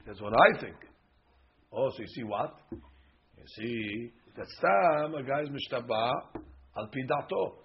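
A man teaching a daily Talmud class, reading Aramaic lines and explaining them in casual English, often repeating himself. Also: mid-range voice. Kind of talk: Daf Yomi Talmud class. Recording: dull lo-fi podcast audio with faint noise.

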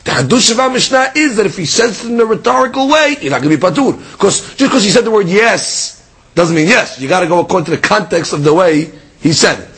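A man teaching a daily Talmud class in a lively, conversational way, moving between the texts and plain explanation. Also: sits high, quick pace, slightly rough.

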